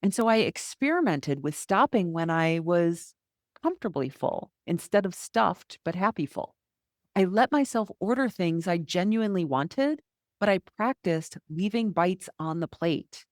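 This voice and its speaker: A woman's voice: lowish voice, lively intonation, a little slow, no echo, clean studio sound. A middle-aged woman hosting a solo podcast as a health coach, talking candidly and conversationally, often acting out inner thoughts.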